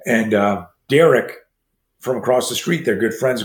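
A man in his sixties who teaches martial arts, telling stories as an interview guest and acting out the dialogue in quick, animated bursts. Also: mid-range voice. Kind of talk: storytelling in a conversation. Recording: roomy echo.

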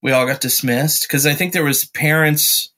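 A man's voice: on the high side, moderate pace. A young adult man, a podcast guest, telling a story in casual chat and slipping into impressions. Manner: animated storyteller, slips into voices. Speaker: podcast guest, musician and actor.

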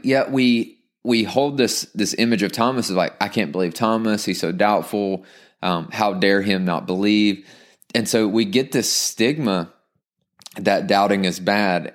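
A man with a low-pitched voice delivers a sermon to his congregation. He keeps it casual and lively, reading a passage aloud and breaking into quick acted asides as he goes. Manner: conversational, animated preaching with quick acted asides. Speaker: pastor.

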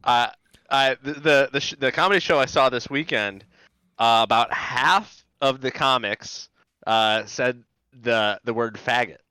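Bright-voiced hesitant man, dry sound. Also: medium pitch, unhurried, clear, resonant tone, dry recording. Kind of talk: casual chat.

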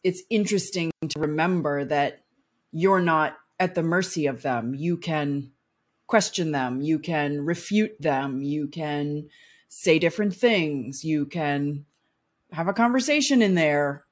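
Low-pitched woman hosting an interview. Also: unhurried. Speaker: podcast host. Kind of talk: interview chat.

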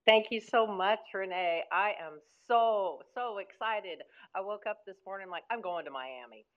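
A woman's voice: medium pitch, unhurried. A woman from Texas sharing her story in an audio chat room, emotional and enthusiastic, rambling a bit. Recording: phone-like line.

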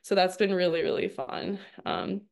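A woman's voice: fairly low pitch, big pitch swings, normal speed, creaky, a little mellow. A woman in her thirties telling her story as a guest in a casual interview, chatty and laughing often. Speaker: guest, registered dietitian.

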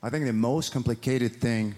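A man with a French accent performing stand-up comedy, animated and mimicking voices and mispronunciations. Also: mid-range voice, normal speed. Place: large theater with live audience. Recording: live stage recording with audience noise.

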